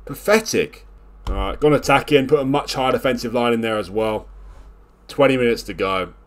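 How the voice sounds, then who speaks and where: A man commentating live on his own video game play, scolding and exasperated, lurching from loud outbursts to low grumbling mutters. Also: a little fast.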